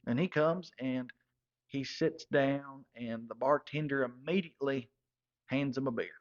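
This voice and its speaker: Man, mid pitch, rambling comic storyteller, slightly muffled lo-fi sound. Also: unhurried. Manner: rambling, drawling, self-correcting. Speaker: comedic storyteller in character. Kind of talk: comedic monologue.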